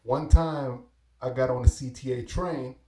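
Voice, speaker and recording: A man's voice: mid-range voice, fairly even intonation, a little slow, warm tone, reverberant, slight background noise. A middle-aged man with a Belizean-Caribbean accent telling stories in casual street slang, and acting out the people he quotes. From Belize and New York. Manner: laid-back street slang, acts out quoted dialogue. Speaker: guest. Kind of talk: casual storytelling.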